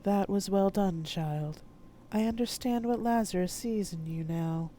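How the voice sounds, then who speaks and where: A woman reading aloud, voicing a mysterious cloaked woman who speaks in a measured, stern way. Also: mid-range voice, mellow, slight background noise, voice pushed up, natural voice.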